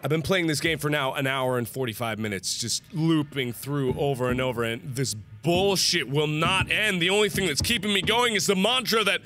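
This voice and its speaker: A young man playing a horror game and commenting, sick and nauseous, swinging between shrieked curses and low, worn-out muttering. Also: normal speed, hardly any pauses, background noise. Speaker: gaming YouTuber. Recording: game music behind.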